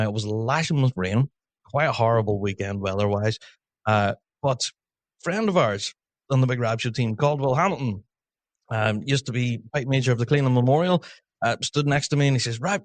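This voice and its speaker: A man's voice: medium pitch, no echo. Chatty male podcast host. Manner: chatty, laughs often, quick asides. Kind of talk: casual chat.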